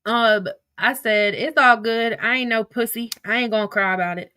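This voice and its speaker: A young woman livestreaming, her higher voice bright and sharp. She reads text messages aloud and rants in a heated, profane way. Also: moderate pace, smooth, no echo. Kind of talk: livestream, reading texts aloud.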